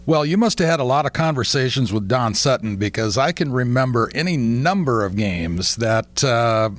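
A man, a former player on a podcast, telling relaxed stories with many fillers. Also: medium pitch, normal speed. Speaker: former ballplayer guest. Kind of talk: casual conversation.

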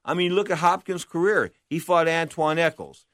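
At a normal speed, a boxing commentator with a fairly high, fairly bright voice speaks in studio quality with no room sound. He covers boxing history in a blunt, emphatic, opinionated monologue, often questioning himself and supplying the answers.

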